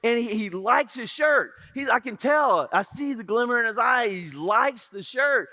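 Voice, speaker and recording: Lively pastor telling a funny story. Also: male voice, very high voice, moderate pace. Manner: humorous, animated storytelling. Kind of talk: sermon with personal storytelling. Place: church sanctuary. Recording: reverberant church hall.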